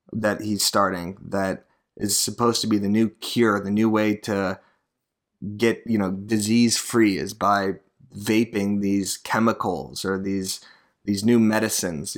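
A man from Arizona hosting a podcast alone, talking in a rambling, profane and sardonic way. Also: on the low side. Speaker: podcast host, real estate agent. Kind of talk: casual solo podcast monologue.

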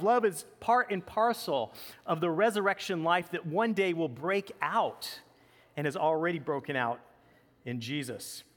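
A pastor delivering a conversational sermon with casual asides. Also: male voice, on the high side, a bit bright, long reverb tail.

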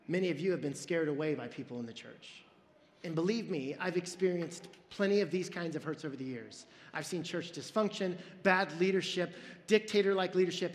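High-voiced pastor preaching in a reverberant hall. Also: male voice. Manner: storytelling, earnest, self-deprecating humor. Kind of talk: sermon.

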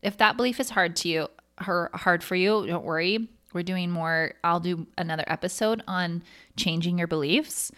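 A woman's voice: on the low side, normal speed, fairly bright tone. A woman hosting a podcast, giving chatty, encouraging motivational coaching with lots of "like". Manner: upbeat, encouraging, chatty with frequent "like". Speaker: podcast host.

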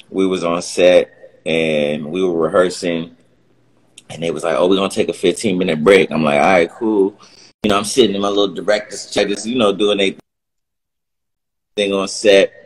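Male guest, low-ish voice, relaxed slangy storyteller. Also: normal speed, long pauses, poor audio. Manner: laid-back, slangy, animated retelling of stories. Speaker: guest, former sitcom actor. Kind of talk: casual storytelling.

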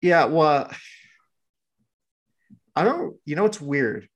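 A man's voice: a little high, big pitch swings, takes it slowly. A laid-back man co-hosting a podcast in casual, rambling sports chat. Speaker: podcast co-host.

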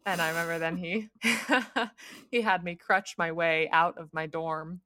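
A young woman telling her own story in a casual podcast chat, animated and laughing often. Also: fairly low pitch, a little slow, no echo, clean studio sound.

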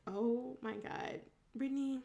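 A woman's voice: fairly high pitch, steady tone, takes it slowly, dark tone. A young woman co-hosting a podcast in casual chat, blunt and swearing freely, laughing often. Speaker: podcast co-host.

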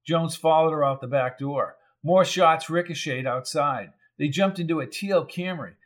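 A man's voice: a little high, moderate pace. Man narrating a crime novel. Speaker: audiobook narrator. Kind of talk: scripted narration.

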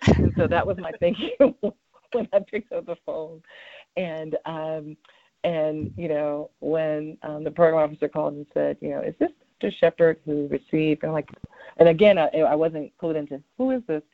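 Over a tinny, dry phone line, a cancer researcher responds to interview questions with heartfelt earnestness, full of fillers and restarts. He speaks at normal speed in a fairly high, steady voice with vocal fry.

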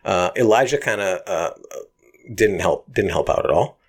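A man co-hosting a casual chat, retelling a story in a profane, animated way with lots of restarts. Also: sits low, moderate pace, husky.

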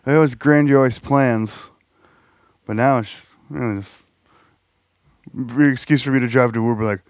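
A man in casual podcast banter, quick to laugh and to throw in silly voices. His voice sits at an ordinary middle pitch. The sound is dry and close, with no room echo. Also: fairly even intonation. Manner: joking, laughs often, drops into goofy impressions. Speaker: podcast co-host. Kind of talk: casual chat.

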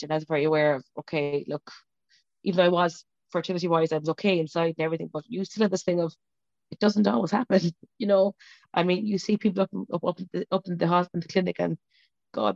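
A woman tells her personal story at a quick clip, her low voice catching into a gravelly fry as she loops back and restarts her sentences. It is a close, dry, slightly dull video call recording. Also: darkish tone, no room sound. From Ireland. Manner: rambling, self-interrupting, tearful at moments. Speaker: interview guest.

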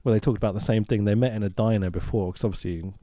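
A man's voice: fairly low pitch, fairly even intonation, racing, dark tone, dry recording. A man co-hosting a podcast, recapping a film in casual chat, swearing freely, laughing often and mimicking the characters. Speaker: podcast co-host.

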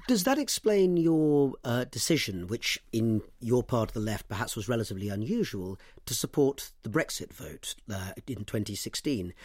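A man's voice: mid-range voice, big pitch swings, moderate pace, hardly any pauses, a little mellow, no room sound, clean studio sound. A man interviewing a guest, asking long probing questions. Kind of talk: long-form political interview.

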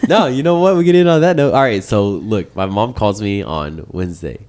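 A man's voice: fairly low pitch, expressive, brisk, darkish tone. A young man in casual chat with friends, telling a story animatedly, swearing, laughing and mimicking his mother.

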